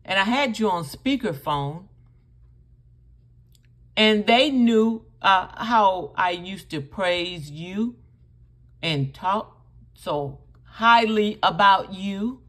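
A woman's voice: mid-range voice, lively intonation, extremely slow, pauses often, a bit bright. A woman hosting a reaction channel, commenting on clips in an emphatic, scolding way. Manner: scolding, emphatic, addresses the other speaker directly.

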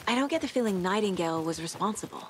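A woman playing a brisk, determined investigator. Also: medium pitch, animated, slight background noise, natural voice. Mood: focused. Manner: brisk, analytical. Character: sharp, determined female investigator. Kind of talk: video game dialogue.

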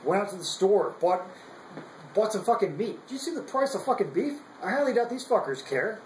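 A man's voice: high-pitched, very animated, fairly quick, roomy sound, slight background noise, rough recording. A young man on active military duty, giving a heated, profane political rant full of repeated words. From United States. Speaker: active duty service member.

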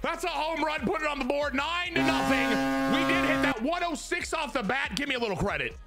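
A young man giving excitable live commentary on his own baseball video game, jumping from loud hype to muttered grumbles. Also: extremely high pitch, brisk, loud music behind the voice. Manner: excitable, swings from hyped shouting to muttered grumbling. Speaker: gaming YouTuber.

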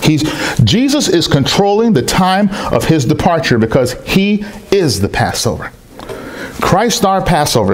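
Pastor, man, fairly high lively voice, storytelling preacher who acts out voices. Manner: animated storytelling preacher, acting out quoted voices. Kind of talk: sermon. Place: church service in a rented hall.

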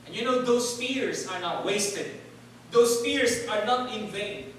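Speaking at a measured pace, a male preacher with a high-pitched, fairly bright voice leads a sermon in a church hall. He draws call-and-response from the congregation, having them repeat words, and the distant, echoey recording has slight hiss or hum.

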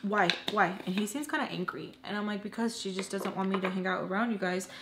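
A woman in her twenties telling a personal story in a casual storytime vlog, earnest and emotional, halting with lots of "like" and restarts. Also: mid-range voice, steady tone. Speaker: storytelling vlogger. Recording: roomy room with faint hum.

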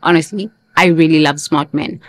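Deep-voiced and steady, this female host delivers a self-help monologue at a moderate pace on a dry recording. Her motivational talk is emphatic, circling back to key phrases and now and then turning into playful, sing-song chanting.

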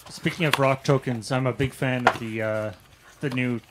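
A man's voice: mid-range voice, fairly even intonation, moderate pace, heavy background noise. A man in casual stream chat who rambles with many fillers. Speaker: show regular.

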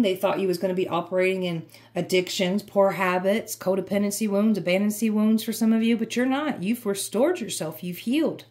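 A woman's voice: medium pitch, a little mellow. Fired-up woman giving a tarot reading. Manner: emphatic, repetitive, fired-up. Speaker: tarot reader.

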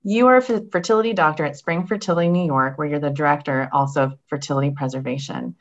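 Fast-talking low-voiced woman host. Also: muffled recording. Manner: upbeat, reads guest bio enthusiastically. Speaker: podcast host. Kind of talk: interview introduction and questions.

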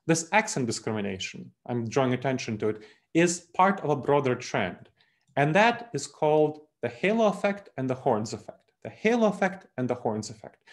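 A man giving a presentation on unconscious bias, emphatic and lively, with small laughs and asides. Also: medium pitch. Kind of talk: presentation talk.

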